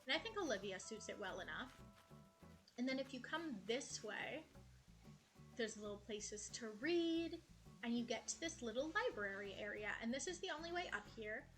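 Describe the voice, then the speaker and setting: A young woman gives a relaxed tour of her cozy game island, cooing affectionately at the characters. Her voice is bright and a little high, and soft game music plays underneath. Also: normal speed. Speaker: gaming streamer. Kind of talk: casual game tour vlog. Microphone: headset.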